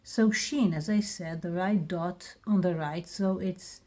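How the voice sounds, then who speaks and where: A woman's voice: fairly low pitch, dark tone. A woman with an Israeli accent teaching a lesson, patiently repeating each word. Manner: patient, repeats words slowly. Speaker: Hebrew teacher. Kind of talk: slow spoken lesson.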